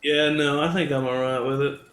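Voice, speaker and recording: An easygoing half-orc who drawls his words without a care, as a man plays him. He sounds relaxed and friendly. The voice rings in an echoey room. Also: mid-range voice, a little fast, natural voice. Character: laid-back male half-orc drinker, easygoing.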